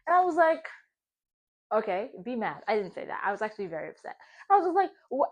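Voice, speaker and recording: Speaking a little fast in a high voice, a vlogger in her twenties animatedly recounts a dramatic tale from her kitchen at home, exclaiming as she chats casually.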